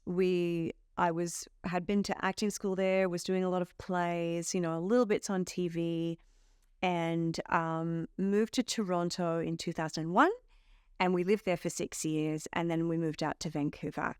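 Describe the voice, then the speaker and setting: Smooth-voiced Australian actress in an interview. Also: female voice, on the low side, level tone, unhurried, no room sound, clean studio sound. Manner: warm storytelling with playful quoted asides. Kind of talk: casual interview chat.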